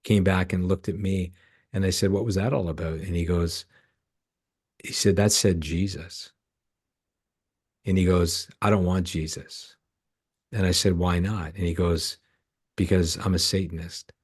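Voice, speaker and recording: A man's voice: sits low, fairly even intonation, unhurried, pauses often, a little mellow, husky. A middle-aged man from Canada, a ministry founder and podcast guest, telling stories in an earnest, emotional way and acting out the dialogue. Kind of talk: storytelling in a podcast interview.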